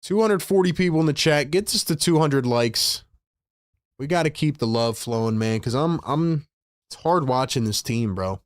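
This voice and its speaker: A man streaming live fan play-by-play, calling plays and reacting as a frustrated, excitable fan with casual slang. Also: on the high side, normal speed, no room sound, clean studio sound. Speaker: livestream host doing fan play-by-play.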